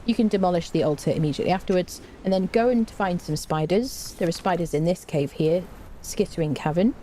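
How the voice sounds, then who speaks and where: A woman's voice: on the low side, brisk, dark tone, a little hiss or hum. A woman streaming a game, giving chatty live commentary, talking to her chat and humming to herself as she plays.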